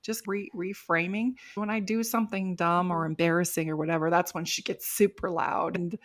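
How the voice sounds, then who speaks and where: A woman's voice: fairly low pitch, steady tone, normal speed. A middle-aged woman, a life coach guest on a podcast, talking reflectively and laughing lightly as she explains. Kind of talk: casual podcast interview.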